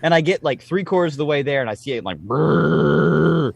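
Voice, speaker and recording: A man in his late thirties telling stories in casual podcast chat, animated and swearing freely. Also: a little high, very fast, no echo.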